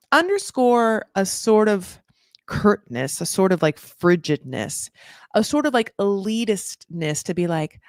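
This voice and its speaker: Female host, gravelly, dry close sound, opinionated casual chat. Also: mid-range voice, big pitch swings, a little slow, no room sound. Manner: chatty and opinionated, many "like" fillers. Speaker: podcast host recapping a reality show.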